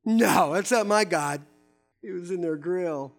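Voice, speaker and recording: High-voiced, animated male preacher. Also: measured pace, soft background music. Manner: animated, emphatic, with casual asides to the congregation. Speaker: pastor. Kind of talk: sermon.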